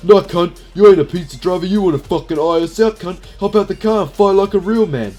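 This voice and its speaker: A man putting on the voice of an aggressive young male street gang tough who yells threats and swears. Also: high-pitched, a little fast, soft background music, voice pushed up.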